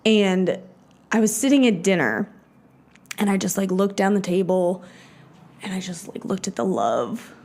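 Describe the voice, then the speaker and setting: Her mid-range voice is expressive, a bit slow and darkish in tone, with long pauses. She's a podcast co-host in her twenties, chatting casually with lots of "like" fillers, free swearing, and acted-out quotes.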